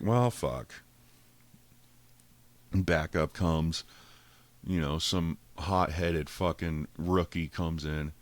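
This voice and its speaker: A man with a very deep voice hosts a podcast, animatedly retelling a story laced with swearing and acting out what each person said. There is no echo.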